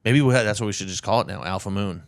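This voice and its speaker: A man's voice: on the low side, very fast, gravelly, clear, resonant tone, no echo. Wisecracking podcast co-host man. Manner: dry, teasing one-liners. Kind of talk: casual chat.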